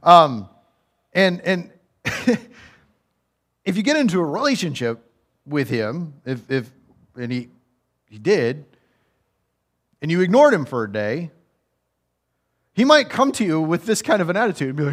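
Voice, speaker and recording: A man's voice: a little high, big pitch swings, unhurried, long pauses. A man preaching a conversational, humorous sermon that builds to raised, emphatic passages.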